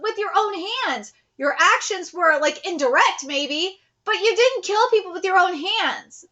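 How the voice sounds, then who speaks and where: A young woman gives live reaction commentary on a manga chapter in a casual, slangy way. Her voice sits very high and has a bright, sharp edge. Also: lively intonation, unhurried, hardly any pauses, highs cut off. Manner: casual and chatty, full of slang and fillers.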